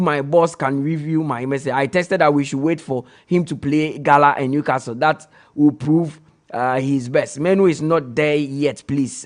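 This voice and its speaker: A man with a Ghanaian accent hosting a radio sports show, briskly reading listener messages aloud. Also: on the high side. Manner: reads texts aloud briskly.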